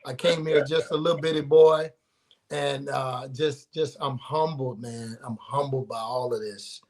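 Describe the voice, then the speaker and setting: A man's voice: medium pitch, fairly even intonation, a little slow, creaky, a little mellow. A man in his sixties, a former football player and guest on a sports show, talking in a heartfelt, humble way with playful teasing. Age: 60s. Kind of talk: casual studio chat.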